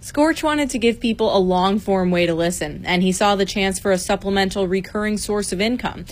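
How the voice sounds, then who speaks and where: A woman radio reporter narrating a scripted news feature in a measured, clear read. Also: medium pitch.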